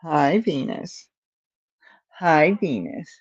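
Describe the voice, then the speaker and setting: Slow, low-voiced woman cooing at her cat. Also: lively intonation, a little mellow, breathy edge, muffled recording. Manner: cooing baby talk to her cat, rambling asides. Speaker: crochet channel host. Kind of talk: casual livestream chat.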